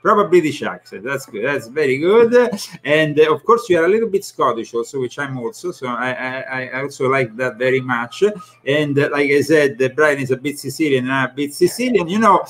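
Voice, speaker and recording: A man with an Italian accent hosting a talk show, speaking haltingly with frequent pauses mid-sentence. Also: mid-range voice, expressive, fairly bright tone. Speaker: host. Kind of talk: casual talk-show chat.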